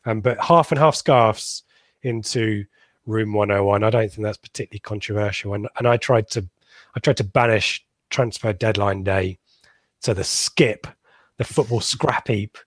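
A man's voice: lowish voice, moderate pace, no room sound. A man hosting a casual football podcast, talking in a rambling, chatty way with frequent ums and laughs. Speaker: podcast host.

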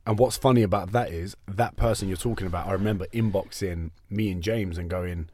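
A man hosting a casual podcast chat, full of excitable, sweary banter. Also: sits low, a little fast, hardly any pauses, dry recording. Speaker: podcast host.

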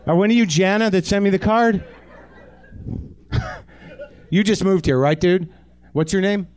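His voice is high and a little mellow, and he speaks slightly slowly as he hosts a live comedy show. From the theater stage he addresses the audience in a profane, self-deprecating stand-up rant.

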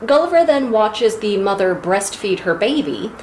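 An American woman co-hosts a podcast, swinging her pitch widely as she rants and swears. Her casual banter carries a roomy echo. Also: normal speed, slight background noise. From United States. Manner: animated, profane, ranting. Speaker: podcast co-host. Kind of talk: casual chat.

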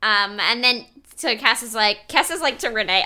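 Bright, laughing young woman chatting. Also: fairly high pitch, lively intonation, normal speed. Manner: laughing often, acts out quotes. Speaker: podcast co-host. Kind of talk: casual recap chat.

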